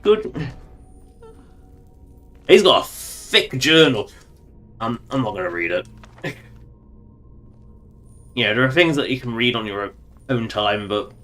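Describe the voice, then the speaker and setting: A man's voice: mid-range voice, a bit bright. A man streaming a video game, rambling and joking to himself in casual commentary.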